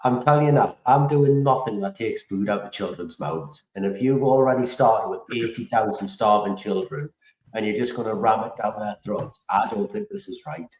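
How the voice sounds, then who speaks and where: A man co-hosting a podcast, teasing deadpan in casual chat. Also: fairly low pitch, normal speed. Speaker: podcast co-host. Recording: roomy, a bit off-mic.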